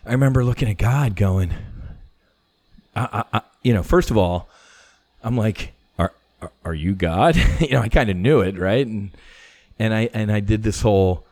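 A middle-aged man, a former fighter pilot, telling stories as a podcast guest in a casual, animated way, swearing freely and full of "you know" fillers. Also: fairly low pitch, moderate pace, long pauses, no room sound. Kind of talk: casual conversational storytelling.

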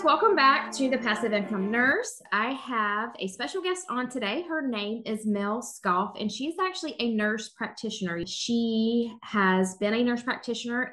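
A woman's voice: fairly high pitch, fairly bright tone. Bubbly woman podcast host. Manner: bubbly, enthusiastic. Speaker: podcast host, registered nurse. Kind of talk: podcast intro and interview.

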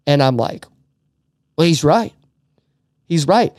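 Brief: middle-aged male podcast host, slightly high voice, dry close sound, earnest and emotional, stumbles and restarts. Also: lively intonation, slow, darkish tone, dry recording. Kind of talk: casual faith talk.

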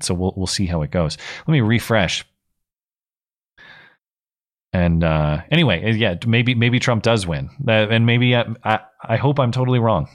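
A man in his thirties hosting a live call-in stream, giving blunt, opinionated commentary with frequent restarts. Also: fairly low pitch. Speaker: call-in show host.

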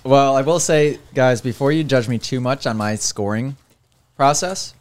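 A man co-hosting a casual podcast at an ordinary middle pitch. He rambles through his points with plenty of fillers, and his delivery stays fairly flat. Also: normal speed. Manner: rambling, self-described monotone. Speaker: co-host.

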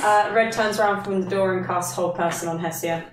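A woman playing a tabletop game, brisk and playful as she declares her moves. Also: mid-range voice, fairly even intonation, a loud crowd. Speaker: player. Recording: echoey room, voice off-mic.

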